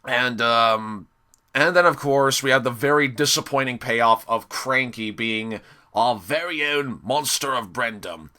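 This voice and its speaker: A young man giving a casual spoken episode review, sarcastic and exasperated, often pausing and restarting. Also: mid-range voice, sharp tone. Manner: hesitant, many fillers and restarts.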